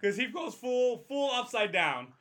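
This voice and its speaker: High, bright-voiced young man telling a wild story. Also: unhurried. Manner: profane, animated, acts out voices. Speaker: storyteller on a podcast. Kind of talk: casual storytelling with friends.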